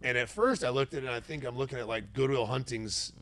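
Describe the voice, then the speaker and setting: A man's voice: medium pitch, fast. A middle-aged man, a retired fighter hosting a casual interview, telling stories with animation and acting out what people said. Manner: animated storyteller, acts out quoted voices.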